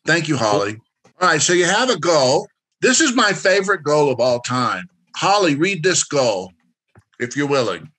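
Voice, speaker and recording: Man, workshop presenter, bright voice, direct, instructive, encouraging. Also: fairly high pitch, big pitch swings, moderate pace. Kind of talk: interactive workshop lecture.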